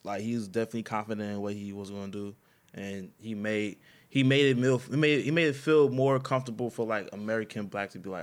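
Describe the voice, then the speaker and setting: Low, casual male guest, halting, filler-heavy. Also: clean tone. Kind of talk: casual chat.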